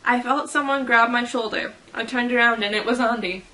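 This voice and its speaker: A woman's voice: a little high, steady tone, a little fast, sharp tone. A woman chatting casually as a fan vlogger, reading fan fiction quotes aloud and giggling about how people would react. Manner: giggly and playful.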